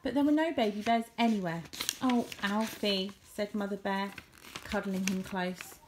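A woman reading a children's storybook aloud with an expressive storytelling delivery, her pitch sitting in a middle range. Faint background noise runs under the reading. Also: moderate pace. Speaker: storybook reader. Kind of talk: reading a picture book aloud.

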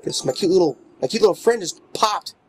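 A man with a fairly high, very animated voice talks through a game he is playing at home. He is playful and coos baby talk at his character, sliding between quiet mutters and sudden exclamations. A faint hiss sits under the recording. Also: a little fast. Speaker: let's play gamer. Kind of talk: casual gameplay commentary. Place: home room with his dogs nearby.

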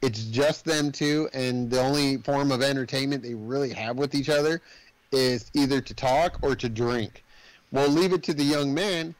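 A man's voice: medium pitch, moderate pace, no room sound, poor audio. A man hosting a casual movie podcast, retelling a plot in a rambling way with lots of fillers and acted-out quotes. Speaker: podcast host.

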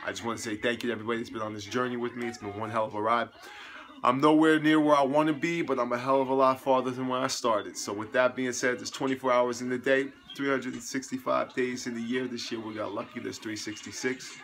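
A man's voice: medium pitch, level tone, fast talker, fairly bright tone, a little hiss or hum. A young man speaks casually to his camera at home, still sweaty and tired from a workout. His talk is chatty and upbeat, and he slips into motivational coaching as he goes. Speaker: fitness coach vlogger. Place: home living room.

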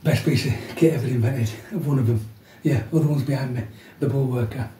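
Man in his fifties, casual workout chat, keeps saying yeah, quiet voice, echoey room, mic some way off. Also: mid-range voice, steady tone, fairly quick, recorded from a distance, slight background noise. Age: 50s. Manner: chatty, keeps adding "yeah", talks softly to avoid waking people. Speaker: fitness vlogger. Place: room at home.

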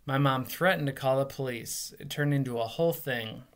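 Expressive man reading a memoir aloud. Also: medium pitch, normal speed. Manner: lively, expressive storytelling.

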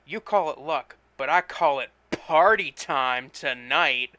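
A man reading a story, voicing an excited, swaggering young salesman full of himself. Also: a little high, slow pace, no room sound. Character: brash, boastful young male salesman.

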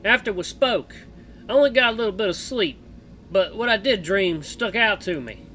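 A man voicing a gruff, foul-mouthed male bat-man with a put-on cowboy drawl, reading a visual novel aloud in a loud, blunt way. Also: sits high, animated, normal speed, slight background noise, voice pushed up.

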